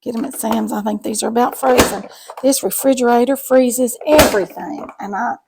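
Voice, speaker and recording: A woman's voice: a little high, fairly even intonation, moderate pace, heavy background noise. A middle-aged woman, chatting folksily to viewers while cooking in her home kitchen. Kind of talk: casual cooking chat to camera.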